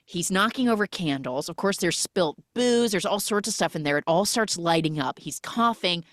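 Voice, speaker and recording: Low-voiced woman retelling a movie. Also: moderate pace, no room sound. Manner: animated storytelling, quoting characters. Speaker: podcast host. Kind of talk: movie recap podcast.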